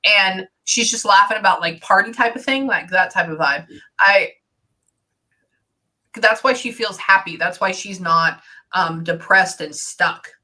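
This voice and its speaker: Woman psychic rambling thru a reading, lots of "like", bright sharp voice. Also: medium pitch, unhurried, low-quality recording. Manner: rambling, full of "like" fillers, animated. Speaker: psychic medium. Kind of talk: casual spoken reading.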